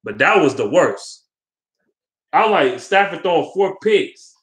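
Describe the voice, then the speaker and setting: A man's voice: fairly high pitch, big pitch swings, takes it slowly, a bit bright. Heated, profane young man ranting. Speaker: sports fan vlogger. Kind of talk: casual sports rant.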